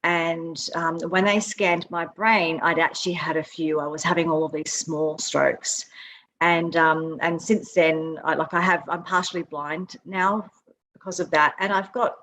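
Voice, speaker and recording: A woman's voice: deep voice, fairly even intonation, unhurried, a bit bright, slight background noise. Australian woman of fifty, candid. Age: 50s. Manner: candid, frank about her own health. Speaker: guest nutrition practitioner. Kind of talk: online summit interview. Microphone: video call.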